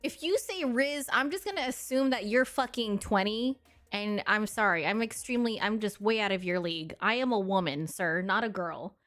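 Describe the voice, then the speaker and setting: A woman's voice: mid-range voice, normal speed, fairly bright tone, soft background music. A woman in her thirties, a streamer in casual chat with her viewers, talking in a blunt, sassy and crude way and laughing often. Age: 30s.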